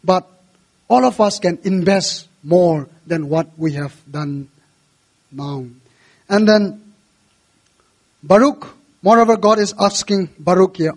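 A man preaching a sermon in earnest, his voice rising and growing louder when he quotes scripture, with non-native English phrasing. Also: high voice, unhurried. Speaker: pastor.

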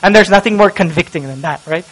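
A man preaching a sermon with passion, dropping to a hush and rising to loud cries. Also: high voice, fast, husky, low-quality recording. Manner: impassioned preaching, swings from hushed to loud. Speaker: pastor.

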